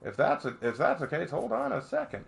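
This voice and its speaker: A man streaming a game with casual commentary, chatty and quick to laugh, telling stories with energy. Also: a little high, gravelly, slight background noise. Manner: chatty, laughs often, animated storytelling.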